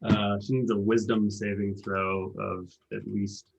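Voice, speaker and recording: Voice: low voice, little pitch movement, unhurried, creaky, lo-fi sound, a crowd in the background. A player at a tabletop game who talks hesitantly, with many fillers, while describing their character's actions. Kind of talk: casual game-table talk.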